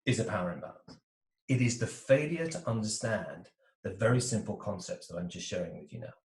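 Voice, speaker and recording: A man's voice: medium pitch, darkish tone, recorded from a distance. A man as an interview guest, coaching on relationships, talking animatedly and slipping into little voices for the types he describes over a video call. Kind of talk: explanatory interview talk. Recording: roomy echo.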